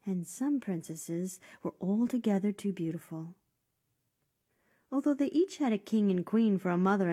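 A woman reading a fairy tale aloud, often dropping to a soft whisper. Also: mid-range voice, husky. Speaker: storyteller.

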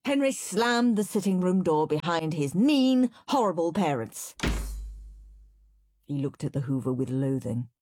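A woman reading a children's storybook aloud, narrating with expressive, animated delivery. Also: lowish voice, a little slow, a little hiss or hum.

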